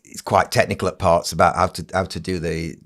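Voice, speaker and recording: A man's voice: sits low, flat delivery, fairly quick, a bit bright. A middle-aged man, a ventriloquist, chatting casually in an interview with many restarts. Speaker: ventriloquist and entertainer, guest.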